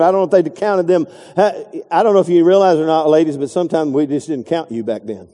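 A man's voice: high voice, expressive, quick pace, few pauses, mellow, big-room sound. A middle-aged man preaching a folksy, digressive sermon, acting out quotes along the way. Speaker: pastor.

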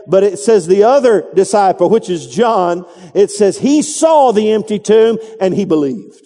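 A man's voice: high-pitched, animated, moderate pace, vocal fry, few pauses, mellow, in a large hall. A male pastor preaching a sermon, emphatic and calling out to the congregation.

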